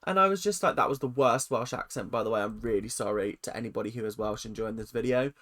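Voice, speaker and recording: A YouTube commentator ranking reality-show contestants in a ranting, sarcastic, animated way, with pitch that jumps up and down. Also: fast.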